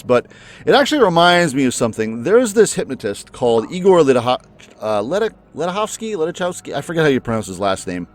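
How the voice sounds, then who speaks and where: A man hosting a let's play, chatting and musing about the story before playing, his pitch jumping up often. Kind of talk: casual commentary before a game. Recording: faint music underneath.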